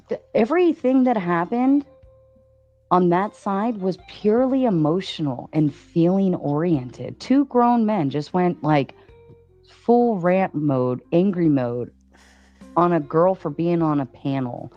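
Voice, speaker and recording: A woman with a deep, soft, husky voice talks on a live-stream panel, defiant as she answers viewers and reads out donations. The stream audio is dull and muffled, with faint music behind her. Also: animated, slow pace. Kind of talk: casual live-stream talk.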